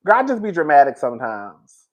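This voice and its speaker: Animated, dramatic man hosting a livestream. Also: on the high side, a little fast, highs cut off. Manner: dramatic, laughing, slangy. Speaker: livestream host. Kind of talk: casual live-stream chat.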